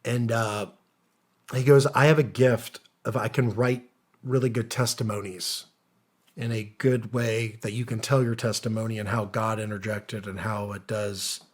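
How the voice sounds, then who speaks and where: A man's voice: fairly low pitch, little pitch movement, normal speed. A middle-aged man, a guest on a podcast, telling his story casually and earnestly, acting out quoted dialogue and using casual slang. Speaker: podcast guest, former special operations soldier.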